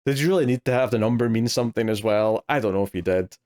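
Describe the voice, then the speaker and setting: A man's voice: mid-range voice, quick pace, darkish tone. A man co-hosting a podcast, recapping a comic issue in loose casual chat with many fillers and restarts. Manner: rambling, hesitant, lots of fillers and restarts. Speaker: podcast co-host. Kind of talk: casual comic book discussion.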